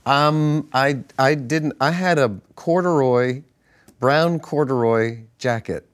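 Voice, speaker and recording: A man, a pastor, co-hosting a ministry broadcast, telling stories in a relaxed way with restarts and chuckles. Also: medium pitch, slow pace, clear, resonant tone. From northern United States. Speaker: pastor and co-host. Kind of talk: casual ministry broadcast chat.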